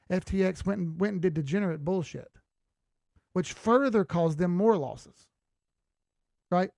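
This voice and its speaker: A man hosting a live crypto chart stream, chatting casually as he reads out viewer comments, blunt and quick to swear, often laughing. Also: high-pitched, gravelly, darkish tone, no room sound, clean studio sound.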